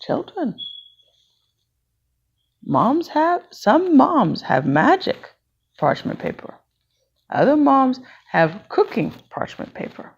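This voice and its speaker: A woman voicing a gentle, patient female schoolteacher who explains things slowly in a story. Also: high voice, wildly swooping pitch, gravelly, breathy edge, muffled recording, voice pushed up, heavily acted. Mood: soothing.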